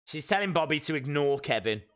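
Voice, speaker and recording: A man hosting a live watch-along stream, reacting excitedly and calling out the moves as they happen. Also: a little high, a little fast.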